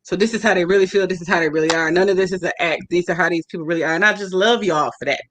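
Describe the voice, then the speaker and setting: A woman's voice: fairly low pitch, racing, a bit bright, no echo. A woman hosting a casual chat show with friends, speaking with heartfelt emotion that sometimes turns tearful. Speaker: host.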